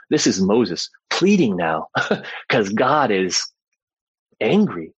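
An adult father gives a casual Bible teaching in a lowish, slightly rough voice, speaking slowly with frequent pauses and big swings in pitch. He keeps it conversational, tagging sentences with "right?" and sprinkling in "like" and "you know." The low-quality recording has no echo.

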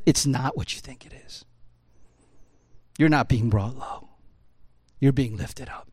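A man preaching a sermon in a loose, conversational way, filling his talk with "you know, like" and moving between loud emphatic bursts and low quiet asides. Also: unhurried, pauses often, breathy edge, no echo, clean studio sound. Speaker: pastor.

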